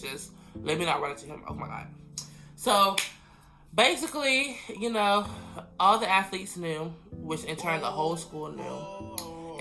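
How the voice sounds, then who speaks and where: A young man in his late teens telling a school story in casual storytime chat, full of "like" fillers and acted-out quotes. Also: on the high side. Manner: chatty, many "like" fillers, acts out quoted friends. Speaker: vlogger.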